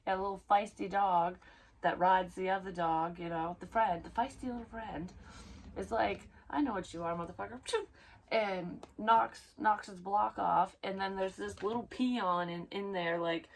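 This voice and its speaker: A woman's voice: medium pitch, fairly even intonation, unhurried. A woman giving a casual tarot reading, rambling and blunt, swearing freely as she goes. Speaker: psychic tarot reader.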